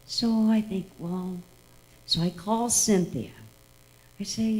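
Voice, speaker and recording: A woman's voice: medium pitch, takes it slowly, a little mellow, poor audio. A woman telling a tribute story to an audience at an event, acting out the dialogue as she goes. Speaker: tribute speaker.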